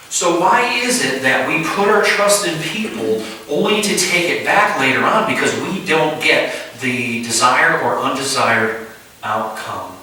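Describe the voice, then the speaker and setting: A man's voice: on the high side, unhurried, slight background noise. A man preaching an informal sermon in a house church, acting out little scenes and questioning the room. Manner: animated, acts out little scenes, asks the room. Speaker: pastor. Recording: echoey room, mic far off.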